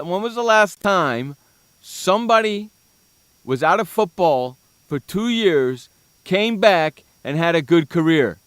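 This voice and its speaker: A male sports talk host tears into a target with theatrical scorn, his voice sitting a bit high. The sound is dry and close, with no room around it. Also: clear, resonant tone, no room sound. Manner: mocking, insulting, loud bursts. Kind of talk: comedic sports talk rant.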